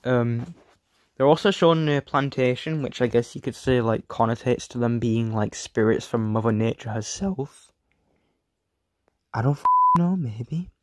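A man with a sore throat giving a casual review, reading flatly from a script and often trailing off and restarting. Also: medium pitch, normal speed, dry recording, clean studio sound. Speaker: video reviewer.

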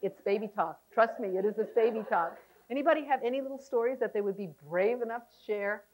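A woman's voice: a little high, quick pace, poor audio. A woman leading a relationship class, talking animatedly to a live audience and laughing often. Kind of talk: seminar talk to a live class. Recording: 1990s VHS seminar tape.

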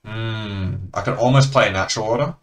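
A man's voice: on the low side, brisk. An Australian man chatting casually and laughing between remarks as he comments on a card game he is playing.

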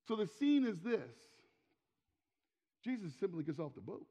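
A pastor in his forties preaching a sermon in a church sanctuary, emphatic and given to repeating words, often dropping to a quiet, intimate tone. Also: high-pitched, sing-song, moderate pace, long pauses. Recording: long hall reverb, dull lo-fi sound.

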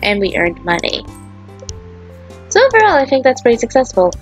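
A woman's voice: high voice, wildly swooping pitch, normal speed, breathy edge. A woman giving playful, teasing commentary over a farming game and reading the characters' lines. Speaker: gamer, let's player. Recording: slightly dull lo-fi audio. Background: faint game music.

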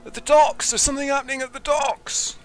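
Man doing frightened townsperson, panicked shouting, high and loud. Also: steady tone, a little fast, soft background music.

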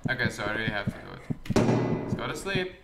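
A man's voice: lowish voice, sing-song, brisk, creaky, echoey room, loud music behind the voice, rough recording. A man giving sarcastic, joking let's play commentary, swearing as he goes. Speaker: gamer.

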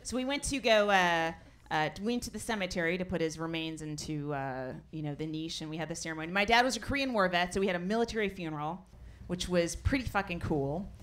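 A middle-aged woman performing a stand-up comedy set, deadpan and punchy, building to loud exasperated outbursts. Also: on the low side, fast talker, few pauses. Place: comedy stage before a laughing audience. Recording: live audience laughter throughout.

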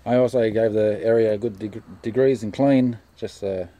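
A man giving a casual step-by-step commentary on a car repair. He talks in a relaxed way with many "uh" fillers, and his voice drops quieter while his hands are busy. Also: lowish voice, normal speed, poor audio. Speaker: DIY car mechanic.

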